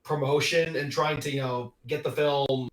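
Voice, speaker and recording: A man's voice: a little high, fairly even intonation, moderate pace, roomy sound, rough recording. A man hosting a casual talk show interview, asking follow-up questions and laughing easily. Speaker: host.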